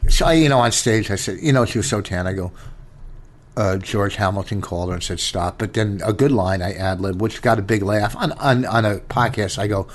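A man's voice: on the low side, a little fast. Blunt, profane male comedian. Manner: blunt, profane storytelling with many restarts. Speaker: stand-up comedian, podcast co-host. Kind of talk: casual podcast chat.

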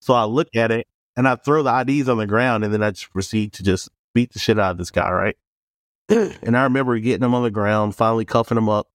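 A former police officer telling a story in a casual, frank way, acting out the other people's lines in quoted voices. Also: male voice, mid-range voice, fast, dry recording, clean studio sound. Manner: animated, acts out dialogue in quoted voices.

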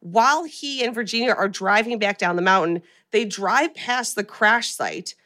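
A woman podcast host telling a story in casual chat, animated and full of filler words. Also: mid-range voice, normal speed.

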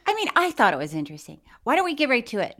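Animated woman with a lively voice. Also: a little high, very fast. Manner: animated storytelling, laughs often. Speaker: podcast co-host. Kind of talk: casual chat.

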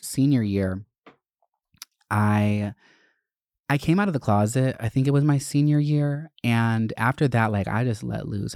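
A man's voice: mid-range voice, gravelly, darkish tone, dry recording, clean studio sound. A man hosting a podcast, telling candid, profane stories from his school days in a chatty way. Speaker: podcast host. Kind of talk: casual storytelling.

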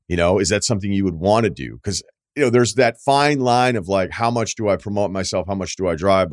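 A man's voice: deep voice, no echo, studio quality. A man hosting a podcast, asking long rambling questions in casual, profane chat. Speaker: podcast host.

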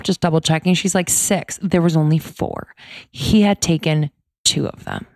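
A woman's voice: fairly low pitch, huge pitch swings, moderate pace, a little mellow, no echo, clean studio sound. A woman co-hosting a podcast, telling a story in casual chat and swearing freely. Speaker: podcast co-host.

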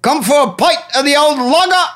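A man's voice: very high-pitched, lively intonation, a little fast, a bit bright, voice pushed up. A man voicing a cheerful male barkeep with a put-on Cockney accent who keeps repeating one stock greeting. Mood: cheery greeting.

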